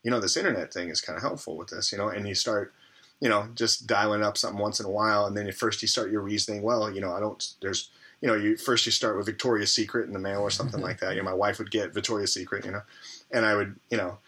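Husky, forceful man telling his story. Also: fairly low pitch, little pitch movement, quick pace. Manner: rambling, heavy on fillers and restarts. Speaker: interview guest. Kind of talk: candid personal storytelling.

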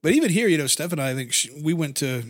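A man's voice: fairly high pitch, animated, racing, no room sound. A man in casual chat, wry and full of "you know" fillers. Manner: chatty, wry, filler-heavy.

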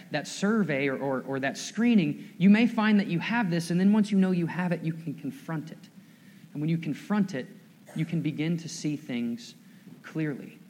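A male pastor preaching a sermon in a church, in a conversational, self-deprecating way and often repeating his words. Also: on the high side. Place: church sanctuary. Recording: long reverb of a large hall.

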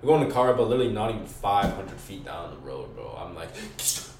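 A man's voice: low voice, sing-song, fast talker, creaky, a crowd in the background. A young man telling a casual story in heavy slang and profanity, acting out his own quoted lines. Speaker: podcast guest. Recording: roomy, distant mic, faint noise.

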